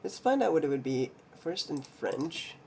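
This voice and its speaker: Slow, self-joking man reading out cards. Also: on the high side, very animated, vocal fry, slight background noise. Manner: reads names slowly, stumbles and jokes to himself. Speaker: card collecting video host. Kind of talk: casual mail day card showcase.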